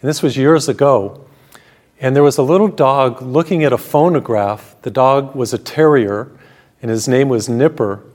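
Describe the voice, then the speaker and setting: A man, a Catholic priest hosting a television program, preaching a sermon with stories and slowing down to read scripture. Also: medium pitch. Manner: warm storytelling preacher, slows down for scripture.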